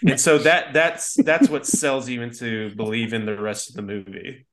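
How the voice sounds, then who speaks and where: A man's voice: mid-range voice, steady tone, normal speed. A man co-hosting a film podcast in casual chat, easygoing and rambling as he works through his thoughts. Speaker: podcast co-host.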